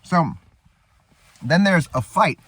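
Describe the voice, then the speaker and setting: A man's voice: on the high side, lively intonation, slow pace, fairly bright tone, husky. A man hosting a casual show, recapping a movie in a rambling way with fillers and swearing. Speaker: host.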